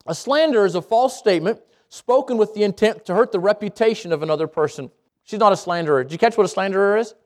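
A pastor whose voice sits high preaches to a congregation, speaking around braces. His sermon is lively and conversational, full of jokes, asides and quick self-corrections.

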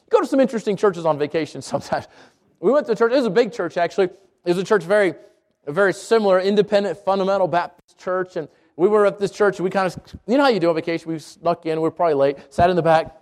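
A man with a high voice preaches to his congregation. He keeps asking rhetorical questions and often stumbles and repeats words before pressing on. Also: quick pace. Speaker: pastor. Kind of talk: sermon.

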